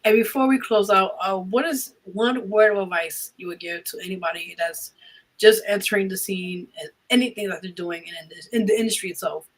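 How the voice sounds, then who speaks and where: A woman's voice: mid-range voice, normal speed, low-quality recording. A woman hosting a radio interview show, chatting casually and thanking her guest with lots of fillers. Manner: warm, effusive thanks with frequent fillers.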